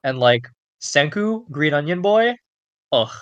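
A podcast co-host in casual chat, comic and profane, acting out scenes with loud bursts. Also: mid-range voice, lively intonation, slow, smooth, no room sound, dull audio.

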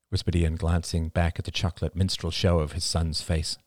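Low-voiced man narrating an audiobook. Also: little pitch movement, a little fast, no echo, studio quality. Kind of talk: scripted narration.

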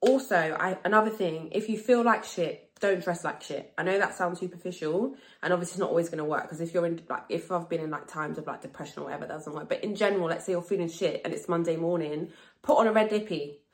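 A woman in her thirties chats alone on her podcast in a fairly low voice. She is a little tipsy, talks quickly and frankly, swears without a second thought and hammers her points home by saying them twice. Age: 30s. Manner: fast, frank, swears freely, repeats for emphasis. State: slightly tipsy. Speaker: podcast host. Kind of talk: casual solo podcast chat.

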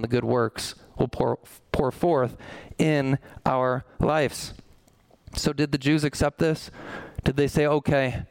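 A man preaches a sermon from the pulpit. He fires off rhetorical questions and briefly acts out the voices of skeptics. His voice is smooth and resonant, and the recording is dry and close. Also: medium pitch, no echo, low-quality recording. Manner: preaching with rhetorical questions, voicing doubters' objections. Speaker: pastor.

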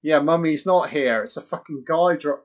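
A man giving crude, excitable, mocking live commentary on a horror film. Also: on the high side, moderate pace. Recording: dull lo-fi audio.

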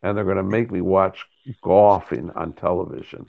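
A man's voice: sits low, steady tone, normal speed, creaky, narrow, tinny audio. A male host who jokes and teases his guest in casual chat. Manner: teasing, joking interviewer.

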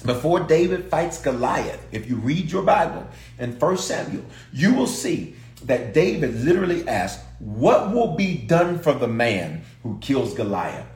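A man's voice: medium pitch, big pitch swings, measured pace, darkish tone, reverberant. A pastor preaching a sermon to his congregation and online viewers, repeating phrases for emphasis and calling on listeners to respond.

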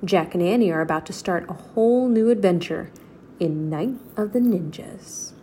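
A woman reading a children's chapter book aloud in a steady, clear storytelling voice. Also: fairly low pitch, normal speed, slight background noise.

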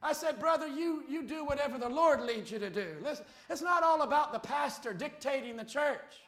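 A male pastor preaches with a very high, sharp voice that climbs into shouts. He hammers the congregation with rhetorical questions and repeated lines. The sound is roomy and echoey, recorded in a church. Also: lively intonation, fairly quick. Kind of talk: fiery sermon. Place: church sanctuary.

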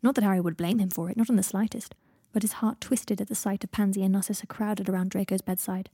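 A woman narrating a fan fiction audiobook in an even, steady storytelling voice. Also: mid-range voice, fast talker, husky, no room sound, clean studio sound.

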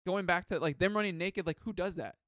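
A man's voice: high voice, fast talker, a bit bright, no echo, clean studio sound. A man hosting a podcast, chatting casually and eagerly, leaning on "like" as he rambles. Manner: enthusiastic, rambling, says "like" often. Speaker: podcast host. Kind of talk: casual chat.

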